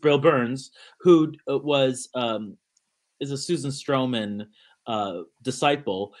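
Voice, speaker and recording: A man's voice: mid-range voice, slow pace. A middle-aged man telling a story in a casual interview, acting out the dialogue he quotes. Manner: animated storyteller who acts out quoted dialogue. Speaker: guest actor and choreographer.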